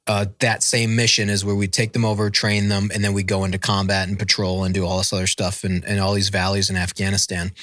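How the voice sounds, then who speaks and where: A man in his thirties with a fairly low voice tells a rambling military story in casual interview talk. He swears freely and acts out the people he quotes. The sound is dry and close. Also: a bit bright, no room sound. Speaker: podcast guest, former Marine.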